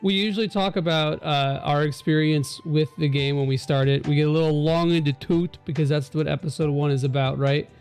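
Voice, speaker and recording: Teasing, higher-voiced co-host man. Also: steady tone, fairly quick, few pauses, darkish tone, clear, resonant tone, soft background music. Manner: teasing, jokey, swears casually. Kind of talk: casual chat on a game stream.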